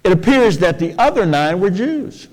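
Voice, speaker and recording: A man preaching a sermon, folksy and expressive, dropping to soft low phrases and jumping to high, emphatic ones. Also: moderate pace. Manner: folksy, colloquial asides. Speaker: pastor. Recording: long hall reverb.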